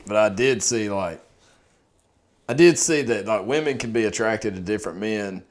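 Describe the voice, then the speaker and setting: A man's voice: lowish voice, moderate pace. A man co-hosting a casual podcast, chiming in briefly and laughing a lot. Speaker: podcast co-host. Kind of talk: casual chat.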